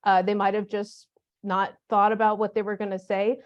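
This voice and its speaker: A woman's voice: mid-range voice, flat delivery, normal speed, muffled recording. A woman presenting a teacher workshop in a conversational, humorous way, with practical classroom examples. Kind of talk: conference workshop talk.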